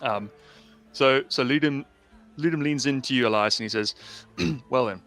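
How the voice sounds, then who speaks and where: A man's voice: medium pitch, normal speed, a bit bright, soft background music. A man running a tabletop game as game master, narrating in a loose, chatty way over a call. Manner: loose, chatty, with many fillers and repeats.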